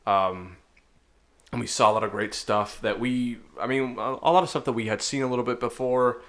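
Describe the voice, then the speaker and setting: A man hosting a casual esports chat, relaxed and chatty with lots of fillers. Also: medium pitch, normal speed. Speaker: podcast host.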